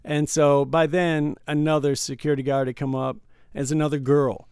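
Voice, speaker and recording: A man co-hosting a casual podcast, telling a work story in an animated way and acting out the quoted lines. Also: a little high, moderate pace, smooth, no room sound, studio quality. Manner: animated, acts out quoted dialogue. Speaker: podcast co-host, casino worker.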